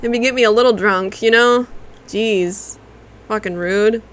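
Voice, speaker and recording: A woman's voice: mid-range voice, a little slow, slight background noise. A woman streamer giving live gameplay commentary, profane and exclaiming, talking back at a boss.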